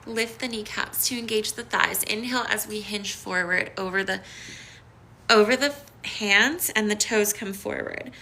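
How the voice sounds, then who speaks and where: A woman teaching a live-streamed yoga class, giving slow, soothing cues and bubbly greetings to viewers. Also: medium pitch, gravelly, bright, forceful tone, slight background noise. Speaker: yoga instructor. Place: home studio in downtown Los Angeles.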